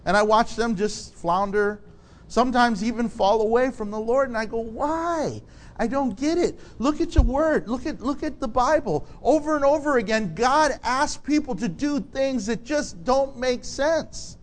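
A man preaching a sermon, animated and laughing often, acting out the people in his story. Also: very high-pitched, normal speed. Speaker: pastor.

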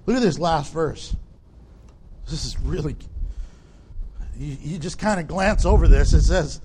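High-pitched preacher man, slow and animated. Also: slight background noise. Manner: animated preaching, acts out quoted people in a high shout. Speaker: pastor. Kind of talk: sermon.

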